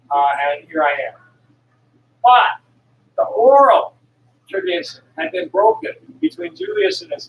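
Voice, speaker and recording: A woman's voice: fairly low pitch, dull audio, slight background noise. A woman in her sixties, a traveling herbal medicine seller, talking in a rambling, digressive monologue full of restarts and the odd blunt curse. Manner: blunt, occasionally profane. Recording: echoey room from some distance, faint ambience.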